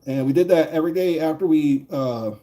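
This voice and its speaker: A man's voice: fairly high pitch, a little fast, dark tone. A man streaming a game and telling a long, rambling story in casual chat. He swears a lot and often chuckles as he talks. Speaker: gaming streamer.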